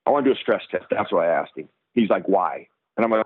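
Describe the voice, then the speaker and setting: Low-voiced man on a tinny phone line. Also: quick pace. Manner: animated storyteller who acts out the lines of others. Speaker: guest, former football player. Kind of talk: casual storytelling interview.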